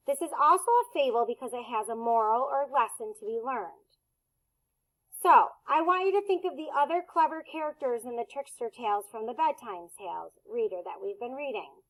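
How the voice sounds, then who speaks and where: A woman teaching a recorded phonics and reading lesson for young children, sounding out letters slowly and deliberately. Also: a little high, lively intonation, poor audio.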